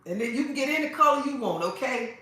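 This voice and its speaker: A woman's voice: sits high, animated, quick pace, bright, forceful tone. A woman host chatting casually on a livestream, sassy and preachy, calling her viewers honey. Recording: echoey room, mic at a distance.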